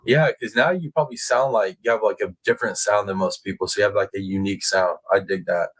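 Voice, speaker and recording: A relaxed man with a lowish voice hosts a casual livestream from home. He chats easily with his viewers, drawls out his words and reads their comments aloud. His voice leaps higher whenever a viewer excites him. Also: fast, husky, low-quality recording. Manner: laid-back, chatty, drawling out words; rises high when excited by a viewer. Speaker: livestream host reading chat.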